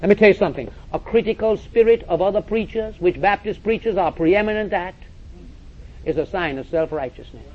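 A man's voice: high-pitched, a little fast. A man preaching a sermon, emphatic and direct, repeating phrases and calling listeners to listen. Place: church or meeting hall with audience. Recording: dull lo-fi recording.

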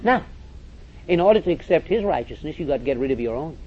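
A man's voice: fairly high pitch, expressive, fast talker, a little hiss or hum. A man preaching a sermon, emphatic and direct, repeating phrases and calling listeners to listen. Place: church or meeting hall with audience. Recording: dull lo-fi recording.

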